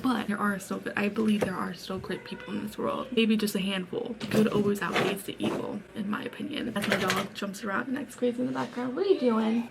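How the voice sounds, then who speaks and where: A woman's voice: mid-range voice, creaky, noisy background. A woman book vlogger talking casually and emotionally, gushing and rambling about a book she is reading.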